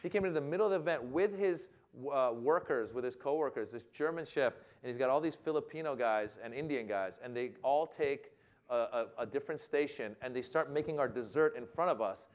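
A man, a comedian, telling a lively anecdote at a talk event and acting out the other people in it. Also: medium pitch, a little fast. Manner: animated storytelling, acting out other people's lines. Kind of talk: stand-up style anecdote. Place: lecture hall event.

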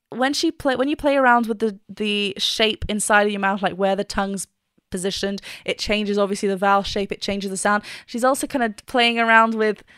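A woman's voice: medium pitch, a bit bright, smooth, no room sound, clean studio sound. A woman, a vocal coach reacting to a song and explaining singing technique with enthusiasm. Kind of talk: reaction video with vocal analysis.

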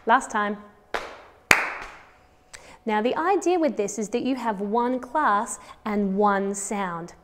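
A woman's voice: mid-range voice, slow, long pauses, big-room sound, slight background noise. A woman with an Australian accent teaching a children's music lesson, counting patterns aloud and encouraging the class.

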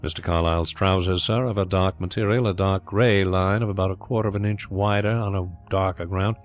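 A man's voice: on the low side, moderate pace, darkish tone, faint music behind, lightly acted. A man voicing a deferential, meticulous manservant in an audiobook, politely listing details. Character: deferential, precise male manservant.

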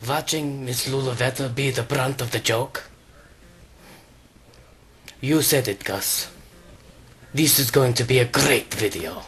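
A man's voice: medium pitch, slow pace, long pauses, a bit bright, a little hiss or hum. Man putting on a bossy fairy godmother lady, stern and formal, lectures everyone. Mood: smug. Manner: scolding, formal. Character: stern self-important fairy godmother woman.

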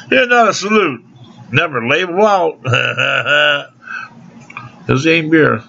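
High, bright-voiced rambling man on lo-fi video. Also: lively intonation, slow pace, vocal fry, pauses often, slight background noise. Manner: loose and rambling, drawling, laughs between lines. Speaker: vlogger. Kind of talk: casual rambling vlog with off-key singing. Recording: dull lo-fi home video audio.

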